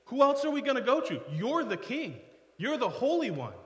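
A man's voice: very high-pitched, huge pitch swings, normal speed, roomy sound, big-room sound, pitched above the performer's own voice, full character voice. A man acting out an eager, devoted male disciple who declares his loyalty in bursts of fervent promises.

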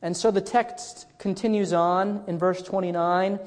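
A man's voice: high-pitched, fairly even intonation, a little slow, few pauses, in a large hall. A man pastor preaching a sermon in a conversational storytelling way, often restarting his sentences.

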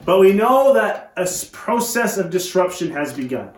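A man with a high voice preaches in a church, retelling a story with lively energy and wry asides. His voice rings around an echoey church room. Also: moderate pace. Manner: animated storytelling with joking asides. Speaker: pastor. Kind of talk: sermon.

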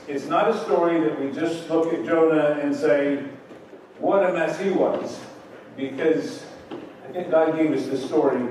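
A man preaching in a church, his slightly high voice carried across a very echoey room. He sounds a little distant from the mic, with faint background noise behind him. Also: darkish tone. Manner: conversational, rhetorical questions, acts out quotes. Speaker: pastor. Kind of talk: evening sermon, Bible teaching.

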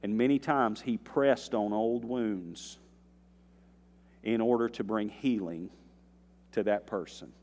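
A male pastor preaching a sermon, swinging between quiet earnest passages and loud, rising bursts, with folksy asides to the congregation. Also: fairly low pitch, slow, pauses often. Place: church sanctuary. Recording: long reverb of a church hall.

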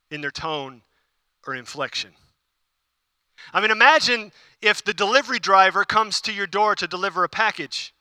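High, bright-voiced male preacher. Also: dry recording. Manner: emphatic, repeats key phrases for stress; conversational asides to the congregation. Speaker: pastor. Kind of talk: sermon.

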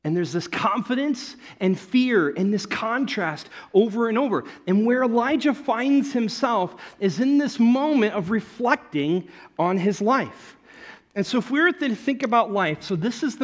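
A man preaching a conversational sermon, telling a Bible story with lively asides to his listeners. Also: high voice. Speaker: pastor.

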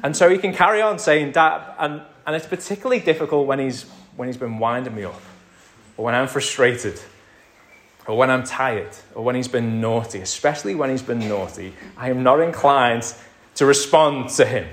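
A male pastor with a medium-pitched voice preaches at a moderate pace. His delivery climbs to emphatic high points and then quiets to nearly a whisper.

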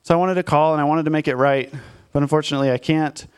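Male pastor in his thirties, conversational sermon; candid, self-mocking storyteller with a smooth, clear voice pitched a bit high. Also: fairly even intonation, fast talker. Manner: candid, self-deprecating storytelling with frequent fillers.

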